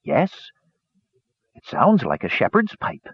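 A man voicing a solemn, steady grown knight who answers in measured, quiet words. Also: a little high, vocal fry, breathy edge, no room sound, lo-fi sound, voice pushed up, exaggerated voice.

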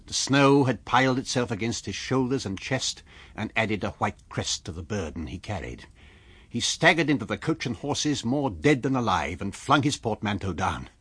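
A man reading a classic novel aloud for radio, with measured storytelling and light character voices. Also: lowish voice, sing-song, fairly bright tone, husky, dry recording. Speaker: audiobook reader.

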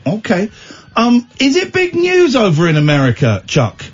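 A playful British man hosts a late-night comedy radio show and swings from shouts to mumbles. His voice is high and very animated, with music faint behind a dull, lo-fi sound. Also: moderate pace. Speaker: radio host.

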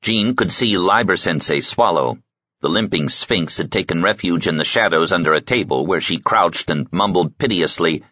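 A man with a low, husky voice reads an audiobook in a steady, measured way. His tone is bright, and the recording is dry and somewhat dull. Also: no echo. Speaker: audiobook narrator. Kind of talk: scripted narration.

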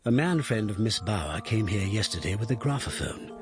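A man reading aloud a letter as a formal Victorian royal secretary, measured and precise. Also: lowish voice, sing-song, over music.

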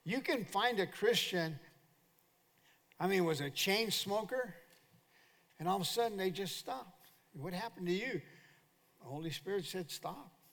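A man's voice: high voice, unhurried, pauses often. Older male pastor preaching in a hall. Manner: animated preaching with call-and-response to the congregation. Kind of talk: sermon. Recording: long hall reverb.

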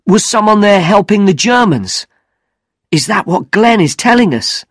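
A man's voice: high voice, sing-song, measured pace, dry recording, clean studio sound, pitched above the performer's own voice, full character voice. A man voicing a curious teenage boy in a storybook reading, asking earnest questions. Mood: urgent.

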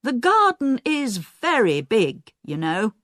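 A woman's voice: on the high side, huge pitch swings, takes it slowly, fairly bright tone, no echo, clean studio sound, voice pushed up, heavily acted. Casting: patient, coaxing grown son, woman reader.

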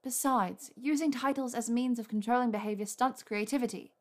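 A woman's voice: a little high, fairly quick, pitched above the performer's own voice, lightly acted. A woman voicing a clever, eager young witch who speaks breathlessly and cajoles. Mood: cajoling.

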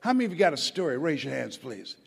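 A man's voice: on the high side, big pitch swings, quick pace, gravelly, breathy edge. A man giving a rousing motivational speech on a stage, urging the audience to respond. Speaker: motivational speaker. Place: stage before a live audience. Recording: long hall reverb.

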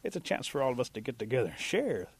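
A man voicing a wise, easygoing old bear who leads the animals in an oral folktale, speaking calmly and reasonably. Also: mid-range voice, fast, husky, no echo. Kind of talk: oral storytelling.

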